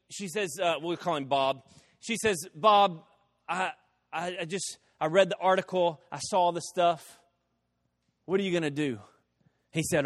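High-voiced preacher telling a story. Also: male voice. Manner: dramatic storytelling, quoting voices, swinging from loud to hushed. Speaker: pastor. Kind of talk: sermon.

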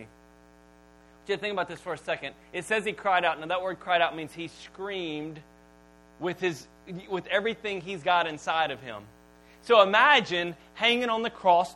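A man preaches to his congregation in a high, bright-pitched voice. He draws words out slowly, falls almost to a whisper, then bursts out loud. A faint electrical hum runs beneath the recording. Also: rough recording. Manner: dramatic pauses, drops to near-whisper, then booms. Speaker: pastor. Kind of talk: sermon.

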